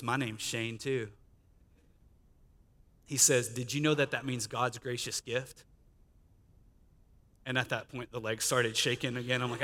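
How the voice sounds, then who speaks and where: Bright-voiced man giving testimony. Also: mid-range voice. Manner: conversational storytelling with quoted dialogue and laughter. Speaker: guest speaker sharing testimony. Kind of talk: testimony sermon. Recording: reverberant church hall.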